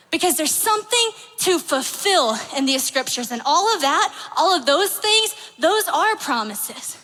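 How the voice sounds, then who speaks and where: A young woman gives a chatty, animated faith talk and leans on "like" all the way through. Her voice is high and bright. It rings with a long hall reverb. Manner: chatty, animated, says "like" often. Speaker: youth speaker.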